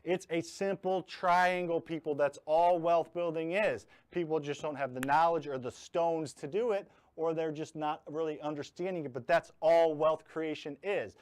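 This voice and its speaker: A man's voice: fairly high pitch, steady tone, normal speed, few pauses, a little mellow. Blunt man teaching investing. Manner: blunt, joking, leans hard on key words. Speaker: host teaching real estate investing. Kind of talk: live online training talk.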